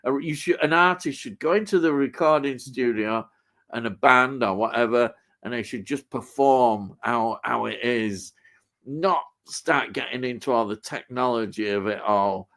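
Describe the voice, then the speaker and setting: A man hosting a livestream, chatting casually and slowly thinking aloud, with frequent fillers and a mild rant. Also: medium pitch, a bit bright. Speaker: livestream host. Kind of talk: casual chat.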